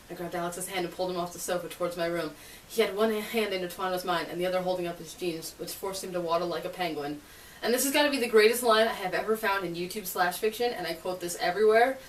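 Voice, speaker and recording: Giggly young woman vlogging in a roomy space. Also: mid-range voice. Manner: giggly, chatty, sarcastic asides. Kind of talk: casual vlog chat and reading aloud. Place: bedroom, spinning in a chair. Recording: roomy, distant, faint hiss.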